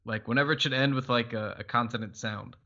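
A man's voice: medium pitch, fast talker, bright, forceful tone. Easygoing man co-hosting, lo-fi sound. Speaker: podcast co-host. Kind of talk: casual podcast chat. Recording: dull lo-fi sound.

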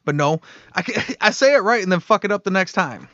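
A man with a somewhat high voice, narrating the story for his podcast co-hosts in a loose, easygoing way, laughing along and swearing casually. The recording is dry and slightly dull. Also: expressive, fairly quick, fairly bright tone, dry recording. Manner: laid-back, laughs often, swears casually.

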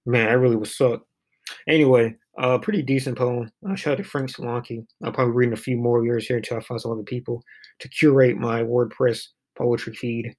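A man's voice: medium pitch, steady tone, a little fast, a little mellow. A man giving a casual, rambling commentary on poems, full of fillers and restarts. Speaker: poetry reading vlogger.

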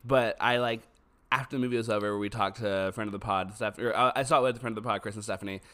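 A man's voice: fairly low pitch, fairly even intonation, fast talker, pushed and bright. A man co-hosting a podcast in casual chat, laid-back and joking, cursing freely. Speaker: podcast co-host.

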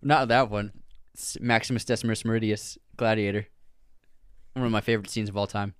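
A man's voice: on the low side, fairly even intonation, a little fast, smooth, no room sound. Dry, playful male podcast co-host. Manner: playful, laughs easily. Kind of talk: casual chat.

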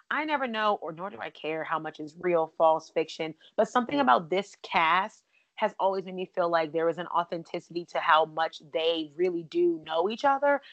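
A woman's voice: medium pitch, gravelly, dry recording, muffled recording. A woman hosting a podcast, chatting casually and bubbly with lots of asides. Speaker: podcast host.

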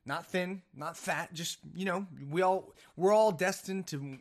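A man's voice: high voice, measured pace. A man hosting a casual solo podcast, telling a rambling story full of jokes and self-mocking asides. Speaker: podcast host.

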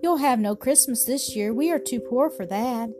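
A woman voicing a gentle, weary old grandmother in a storybook, speaking softly and tenderly with a sighing manner. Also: a little high, normal speed, natural voice. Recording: music playing behind.

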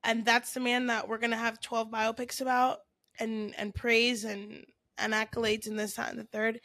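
Bright, sassy woman podcast host. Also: fairly high pitch, little pitch movement, creaky, no echo. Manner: sassy, laughing, quick quips. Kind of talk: casual chat.

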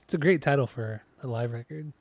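A man's voice: medium pitch, brisk, no room sound. A man co-hosting a podcast in casual chat, rambling and swearing easily as he talks about music. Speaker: podcast co-host.

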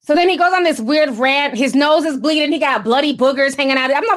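A woman's voice: high voice, fairly quick, hardly any pauses, fairly bright tone. A woman giving casual gossip commentary, blunt, sarcastic and profane. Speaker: commentary vlogger.

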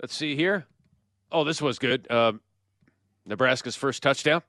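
A man hosting a casual sports podcast over a video call, playful and quick to laugh while replaying radio clips. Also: medium pitch, sharp tone, no room sound, clean studio sound. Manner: playful, laughs, mimics announcer. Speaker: podcast host. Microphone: remote video call.

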